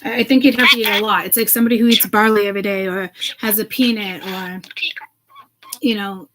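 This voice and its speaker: A woman's voice: medium pitch, steady tone, a little fast, noisy background. A woman speaking to her viewers in a loose, rambling monologue, agitated and swearing freely. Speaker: self-described seeress.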